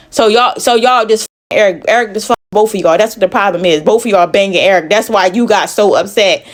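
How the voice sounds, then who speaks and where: Animated woman telling a blunt story. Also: mid-range voice. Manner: animated, acts out dialogue, blunt and profane; pauses to catch her breath. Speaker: truck driver telling her story. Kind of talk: casual storytelling.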